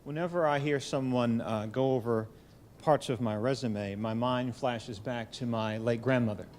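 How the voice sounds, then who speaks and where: A middle-aged man giving a formal keynote speech at a college event, speaking in a measured storytelling way with touches of gentle humor, into a podium microphone. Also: medium pitch, slight background noise.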